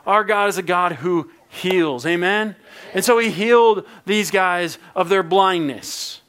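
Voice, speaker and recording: High-voiced joking male pastor. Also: unhurried, a bit bright, smooth. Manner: playful, joking, conversational preaching. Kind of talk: sermon.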